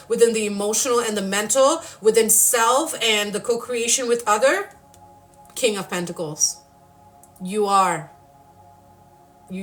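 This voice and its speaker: Bright high-voiced woman giving spiritual guidance. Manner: emphatic, swearing freely, guiding affirmations. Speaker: spiritual channel and card reader. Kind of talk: live-streamed spiritual guidance.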